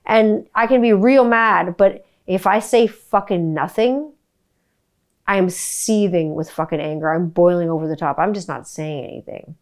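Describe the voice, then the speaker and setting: A podcast host in her forties, speaking at normal speed in a lowish voice, tells a family story. She's animated and rambling, swearing often and saying "like" constantly.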